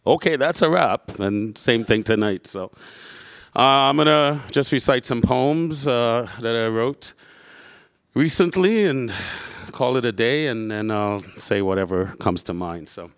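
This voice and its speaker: A man introducing his poems on a stage mic. He talks in a relaxed, hesitant, low-key way. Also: measured pace, clear, resonant tone, no room sound, studio quality. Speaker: spoken-word poet. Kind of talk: casual intro before a performance.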